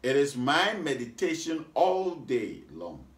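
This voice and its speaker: A man's voice: medium pitch, sing-song, slow. Man, preacher, sermon, call-and-response, repeats phrases, roomy echo. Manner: rhythmic, repeats lines, asks the congregation what.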